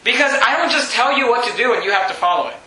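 A man preaching a sermon in an animated, mocking way, often laughing as he talks. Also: very high-pitched, rapid-fire, roomy sound, poor audio.

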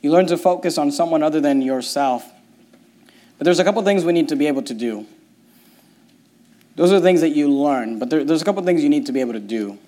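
A male pastor preaching a sermon, reading scripture and swinging between quiet, slow passages and loud, impassioned ones. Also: a little high, lively intonation.

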